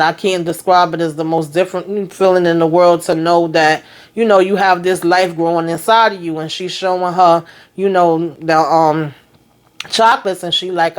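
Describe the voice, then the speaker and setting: A chatty woman vlogger walks through a TV episode scene by scene, slipping into the characters' lines and tossing in sassy asides. Her voice sits fairly low, but it jumps up sharply when she reacts to the story. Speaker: TV recap vlogger. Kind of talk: casual episode recap.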